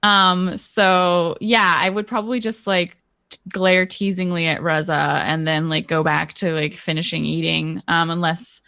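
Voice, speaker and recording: Woman, tabletop player, gravelly lowish voice, sarcastic, rambling. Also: steady tone, unhurried, bright, forceful tone, no room sound. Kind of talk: casual tabletop play.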